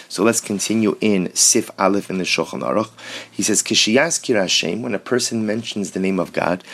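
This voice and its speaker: Man, Torah teacher, lowish voice, slow readings, English explanations. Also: fairly bright tone. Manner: reads Hebrew passages slowly, then explains in English.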